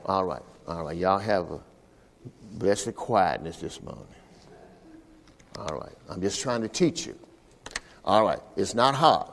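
A man's voice: low-pitched, lively intonation, measured pace, creaky, pauses often, a bit bright, long reverb tail, slight background noise. A man, the pastor, preaching a sermon at a church service and calling for responses from the congregation. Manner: call-and-response preaching, repeating "all right" to the congregation.

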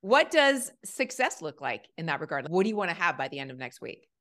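A woman's voice: sits low, big pitch swings, a little fast, fairly bright tone. A woman from Canada coaching a podcast host, encouraging him and asking guiding questions. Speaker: ADHD coach, guest. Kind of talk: casual podcast conversation.

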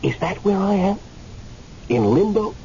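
A man's voice: high voice, very animated, unhurried, dark tone, heavily acted. A newly dead, angry man. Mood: earnest, agitated. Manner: hesitant, stammering, then impassioned. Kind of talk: radio drama acting. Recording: muffled radio recording, faint hiss.

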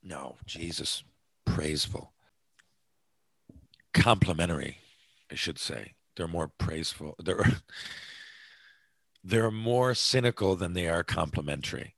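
Rambling low-voiced podcast man. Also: unhurried, vocal fry, fairly bright tone, rough recording. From North America. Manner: chatty, self-deprecating, many fillers and restarts. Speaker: podcast host. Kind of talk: casual rambling monologue.

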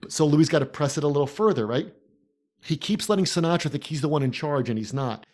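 A man co-hosting a podcast who analyzes a film in a casual way and walks through scenes in lively detail. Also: fairly high pitch, fairly quick. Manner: animated storyteller, recounts scenes in detail. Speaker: podcast co-host.

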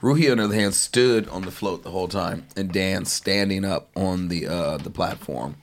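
A man's voice: low-pitched, moderate pace. A man trading bawdy jokes in a casual comedy chat. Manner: joking, bawdy banter. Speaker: comedian podcast guest.

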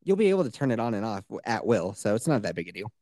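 A man in his thirties co-hosting a casual podcast, animated and swearing, putting on voices when he quotes things. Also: lowish voice, rapid-fire, no echo, studio quality. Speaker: podcast co-host. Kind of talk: casual chat.

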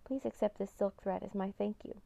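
A woman voicing a shy, gentle young woman weaver who speaks softly but firmly. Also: medium pitch, fairly even intonation, brisk, creaky, close to an everyday voice. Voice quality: soft but firm.

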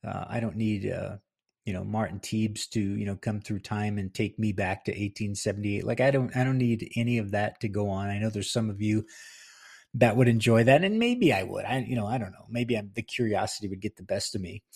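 A man's voice: lowish voice, fairly quick, vocal fry, darkish tone, husky. A middle-aged man from New Jersey, hosting a podcast and telling a rambling story with fillers and self-corrections. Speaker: podcast host and author. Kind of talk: casual storytelling monologue.

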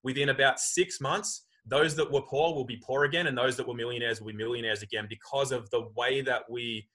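A man's voice: mid-range voice, steady tone, fairly quick, pushed and bright, rough recording. A man in casual conversation, talking animatedly and acting out quoted voices.

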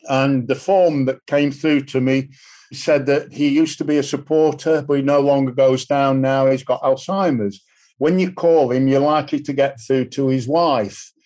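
A man's voice: mid-range voice, a little mellow. An older man, earnestly telling a personal story in an interview. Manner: earnest, anecdotal. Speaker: club ambassador.

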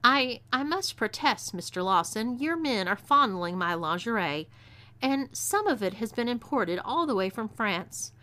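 Woman putting on a timid prissy feminized man, Texan twang, bright, stammering protests. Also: a little high, animated, moderate pace, voice pushed up. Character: meek, fussy feminized man in a brothel.

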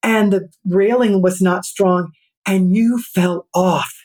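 A middle-aged woman, a podcast guest, telling a personal story in an earnest, reflective way and slowing down for emphasis. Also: mid-range voice, steady tone, a little mellow. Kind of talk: storytelling in an interview.

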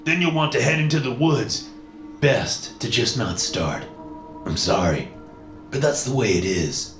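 A man's voice: medium pitch, animated, unhurried, a bit bright, reverberant, soft background music, pitched above the performer's own voice. A man voicing a tearful, overprotective father with a raw, stern manner in a horror story reading. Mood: emotional.

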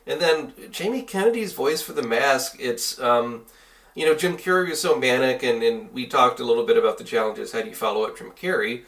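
A man's voice: mid-range voice, brisk, a bit bright. Man, podcast co-host, slightly distant from mic, analytical, film comparisons. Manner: analytical, compares films with references. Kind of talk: casual film review chat.

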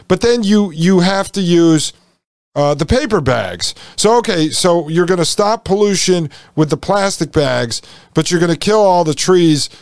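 A man with a fairly high voice hosts a podcast, talking in a casual, sarcastic way. He addresses his listeners directly. The sound is close and dry, with no room echo. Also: lively intonation, unhurried. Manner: wry, sarcastic, addresses audience as folks. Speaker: podcast host. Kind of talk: casual conversational podcast talk.

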